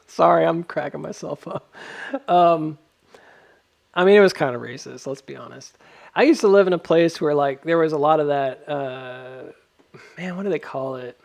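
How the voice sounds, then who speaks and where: A man's voice: on the high side, normal speed, vocal fry, darkish tone. A man giving casual stock chart commentary, rambling with lots of ums and laughing at his own jokes.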